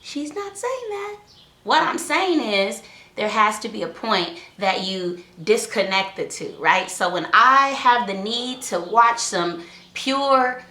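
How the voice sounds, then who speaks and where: A woman giving casual parenting advice, lively and acting out what was said in a raised voice. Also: mid-range voice, slow pace. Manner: lively, acts out quotes in a raised voice. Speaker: parenting talk co-host. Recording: echoey room.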